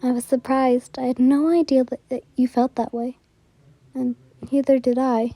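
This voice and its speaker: A woman doing a poised, protective young heiress in whispered role-play. She speaks gently and politely, in a slightly high, dark, mellow tone, close and dry. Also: little pitch movement, normal speed, no echo. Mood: tender. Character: poised wealthy young heroine, kind and protective.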